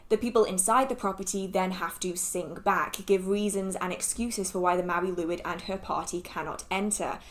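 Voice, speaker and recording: A woman narrating a folklore video in a steady, explanatory way. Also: on the low side, moderate pace, hardly any pauses. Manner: steady, explanatory, apologetic about pronunciation. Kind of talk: scripted narration.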